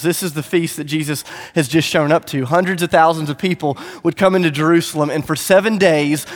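A male pastor delivering a sermon in a church, telling the story emphatically with rhythmic lists and moving between loud and hushed passages. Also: fairly high pitch. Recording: echoey hall.

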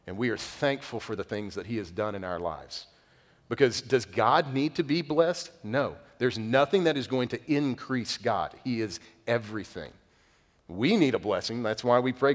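A young adult man preaching a sermon as a pastor, talking casually and telling stories with lively bursts, then dropping to quiet emphasis. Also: mid-range voice, brisk, big-room sound. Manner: conversational, animated storytelling with sudden quiet emphasis.

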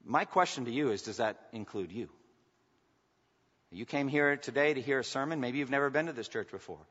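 A man preaching a sermon in a church, swinging from loud emphatic bursts to hushed asides. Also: medium pitch, fairly quick, breathy edge. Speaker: pastor. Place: church sanctuary. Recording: muffled sound in a reverberant hall.

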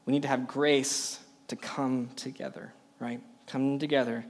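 A man's voice: medium pitch, little pitch movement, measured pace. A young adult man preaching a sermon to a youth group, emphatic and full of rhetorical questions. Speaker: youth pastor.

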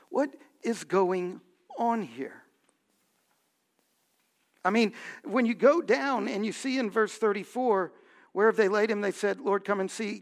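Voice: medium pitch, creaky. A pastor preaching a sermon, asking the congregation questions and building to emphatic points.

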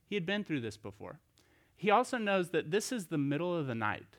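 A man's voice: on the high side, sing-song, a little fast, a bit bright. Conversational male pastor preaching a sermon. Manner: conversational, storytelling with restarts and rhetorical questions.

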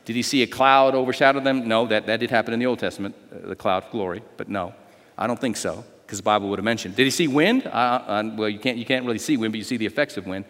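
A man preaching a sermon as pastor, lively and conversational, with call-and-response and sudden loud, drawn-out swells. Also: lowish voice, in a large hall. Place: church sanctuary.

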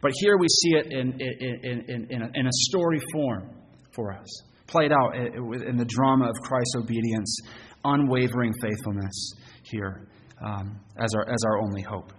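Man preaching a sermon, earnest, halting, repeats words, long church reverb, faint hiss. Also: mid-range voice. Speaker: pastor.

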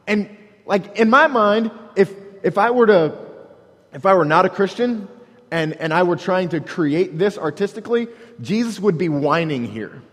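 A pastor preaches an earnest, halting sermon, often repeating words as he restarts and breaking into dramatic quoted prayers. His voice is high and a bit bright, set in a large hall.

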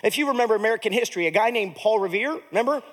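A man's voice: high voice, lively intonation, very fast, a bit bright. A man pastor giving a sermon in a conversational way, with humorous, self-deprecating asides and a tired edge.

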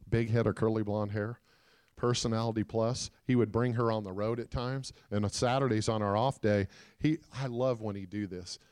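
A man giving a sermon as a guest preacher, telling a story and calling out to the congregation, moving between loud shouts and hushed quiet. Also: lowish voice, clear, resonant tone. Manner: calls out to the congregation.

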